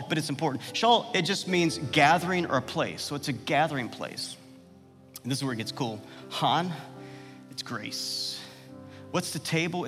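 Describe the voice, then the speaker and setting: Passionate preacher man in a reverberant hall. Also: a bit bright. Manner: passionate, rhetorical questions, swells in pitch and volume. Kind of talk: sermon. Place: church sanctuary.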